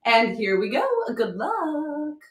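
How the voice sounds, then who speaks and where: A woman selling at a live-stream auction, bubbly and excitable, often apologizing and thanking her viewers. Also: on the high side, slow pace. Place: home room with a chalkboard. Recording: echoey room.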